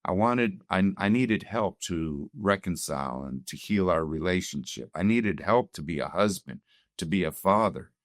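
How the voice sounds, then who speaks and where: A man with a somewhat low voice shares his personal testimony as a guest. He tells it earnestly and from the heart. The recording is close and dry. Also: lively intonation, normal speed, dry recording. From Canada. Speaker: guest sharing his story.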